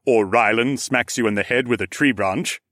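A man's voice: medium pitch, normal speed, fairly bright tone, no room sound, clean studio sound, natural voice. A man voicing a jovial, knowing older ram lord with horns, who speaks in a teasing, slightly formal way. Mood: amused.

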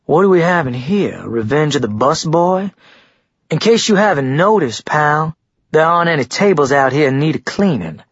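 An arrogant young frat boy with a sneering, acidic bite, as a male reader plays him. The voice sits a little above the reader's own and stays husky. The recording is dry and dull. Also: mid-range voice, lively intonation, unhurried, fairly bright tone, no room sound, voice pushed up.

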